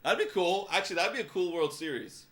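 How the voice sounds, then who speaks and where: Lively, bright-voiced young man calling a game. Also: sits high, fast. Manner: chatty, rambling, laughs often. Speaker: podcast host. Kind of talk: live play-by-play reaction.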